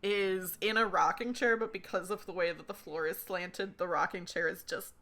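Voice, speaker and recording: A woman's voice: fairly low pitch, steady tone, moderate pace, bright, forceful tone. A woman running a tabletop game, narrating loosely with lots of fillers. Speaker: game master.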